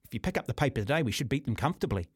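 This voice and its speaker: This New Zealand talk radio host races through his words in a medium-pitched voice with lively intonation and a breathy edge. Recorded dry and clean in a studio, he's opinionated, blunt and combative, repeatedly calling his caller "mate."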